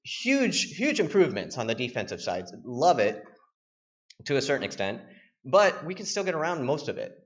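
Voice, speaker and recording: A young man giving a casual, joking conference talk as a penetration tester, telling anecdotes in an animated way. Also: mid-range voice, moderate pace. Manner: animated, joking, acts out voices. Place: conference room. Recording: dull lo-fi conference recording.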